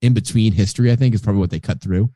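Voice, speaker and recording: A man co-hosting a podcast in relaxed casual chat, joking and swearing freely. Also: on the low side, racing, no echo, clean studio sound. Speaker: podcast co-host.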